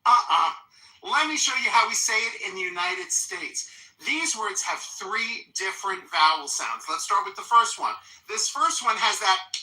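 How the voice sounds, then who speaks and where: Slow, deliberate pronunciation teacher woman. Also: medium pitch, pushed and bright, echoey room, low-quality recording. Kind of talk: pronunciation lesson.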